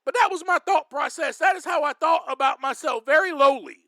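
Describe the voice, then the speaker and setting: A man hosting a faith podcast, speaking to his listeners as friends in an emphatic, preacher-like way, with sudden loud bursts. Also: extremely high pitch, brisk, no room sound, clean studio sound. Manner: addresses listeners directly as friends. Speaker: podcast host. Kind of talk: faith-based podcast monologue.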